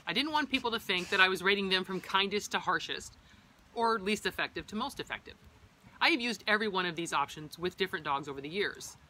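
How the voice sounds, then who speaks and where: A woman's voice: medium pitch, sharp tone, slight background noise. A middle-aged woman who trains service dogs, explaining equipment in a practical, personal vlog style. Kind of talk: instructional vlog.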